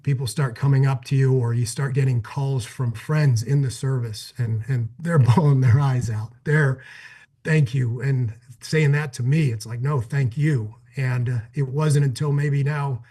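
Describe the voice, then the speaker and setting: A middle-aged man from Cleveland, a former pro football player, telling an animated story as a guest on a talk show. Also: medium pitch, moderate pace, hardly any pauses. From Cleveland, Ohio, USA. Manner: energetic, acts out quoted exchanges.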